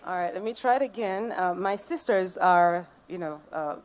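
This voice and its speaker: A woman's voice: on the low side, normal speed, slight background noise. Playful Jamaican woman emceeing a ceremony. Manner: playful, banters with the audience. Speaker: master of ceremonies. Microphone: podium microphone.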